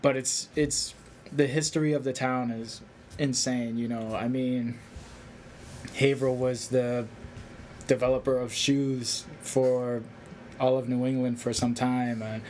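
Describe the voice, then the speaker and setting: A man's voice: mid-range voice, little pitch movement, a little slow, a little mellow, slight background noise. Laid-back joking male guest. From Massachusetts, USA. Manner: loose, joking, slightly stumbling. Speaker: guest filmmaker. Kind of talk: casual interview chat.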